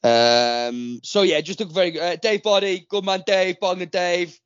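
A man's voice: high voice, unhurried, clear, resonant tone, no room sound. Chatty man hosting a podcast. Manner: chatty, rambling with many fillers. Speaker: podcast host. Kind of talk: casual podcast chat. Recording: dull, dry lo-fi recording.

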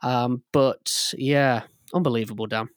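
A man's voice: medium pitch, steady tone, measured pace, clear, resonant tone, no room sound, studio quality. A man co-hosting a sports podcast, talking enthusiastically in a rambling way, with lots of fillers and restarts. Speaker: podcast co-host. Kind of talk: casual sports chat.

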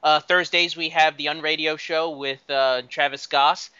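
A man's voice: on the high side, fairly even intonation, normal speed, pushed and bright, smooth, no room sound. A man on a casual podcast chatting about his network's shows. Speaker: podcast panelist. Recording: dull lo-fi dry sound.

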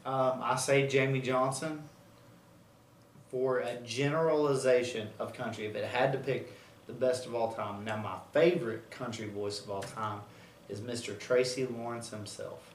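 A man's voice: mid-range voice, fairly even intonation, moderate pace, a little hiss or hum. Man, laid-back slangy banter, echoey room, distant mic. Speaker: podcast co-host. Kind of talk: casual chat.

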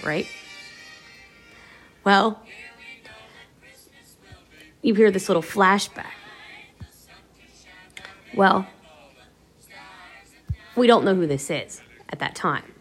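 A woman hosts her own podcast and retells a favorite radio episode in a loose, rambling way. Her voice sits at an ordinary middle pitch. Faint music plays quietly behind her. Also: slow pace, long pauses, husky. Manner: rambling, conversational, many "you know" fillers. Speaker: podcast host.

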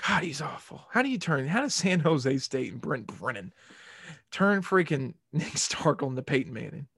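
A man's voice: a little high, very animated, normal speed, vocal fry, fairly bright tone, slightly rough, no echo. Rambling, ranting podcast host man. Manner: rambling and jokey, swears and rants. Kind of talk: casual sports podcast rant.

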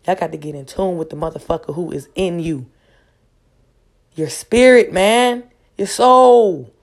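A woman's voice: lowish voice, a little slow. Woman preaching self-love, emphatic and profane. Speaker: vlogger. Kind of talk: casual motivational monologue.

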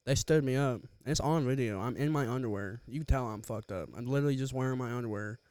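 A man's voice: mid-range voice, quick pace, a little mellow, smooth, dry recording. A young man casually telling a profane story on a podcast, laughing often, close to the mic. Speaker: podcast co-host.

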